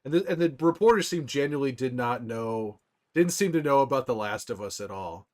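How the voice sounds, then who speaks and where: A man livestreaming casually to his viewers, rambling excitedly with frequent restarts and laughs. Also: medium pitch, fairly quick. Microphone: desktop microphone.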